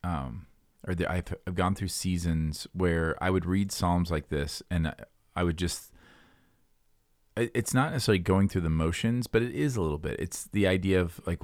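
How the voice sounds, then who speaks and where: A man with a very low voice speaks earnestly about faith on a podcast and searches for his words with many fillers. The recording is dry and close, with no room sound. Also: normal speed, no room sound. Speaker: podcast co-host. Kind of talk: casual Bible discussion.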